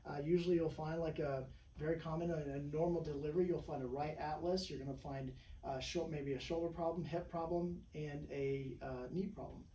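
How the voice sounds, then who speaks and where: His voice sits on the high side, mellow and steady, and he talks fairly quickly with hardly any pauses. The chiropractor shares patient stories in a casual, rambling interview full of "you know" and "right?". Distant mic, echoey room, faint hum.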